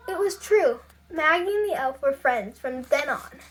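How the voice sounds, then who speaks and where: A woman's voice: high-pitched, lively intonation, a little slow. A woman reading a children's picture book aloud in a careful storytelling voice. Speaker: storybook reader.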